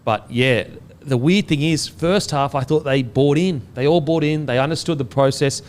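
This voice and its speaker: A man hosting a casual sports podcast, relaxed and swearing now and then, tripping over player names. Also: fairly high pitch, moderate pace, a little hiss or hum. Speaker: podcast host.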